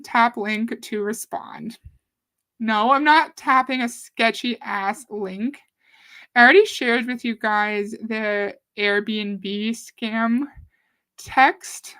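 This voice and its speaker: A woman from Canada talks casually on her livestream. Her voice sits a little high, and she chats with viewers, reads their comments out loud and swears lightly now and then. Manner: chatty, reads viewer comments aloud, mildly profane. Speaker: livestream host. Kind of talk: casual live-stream talk.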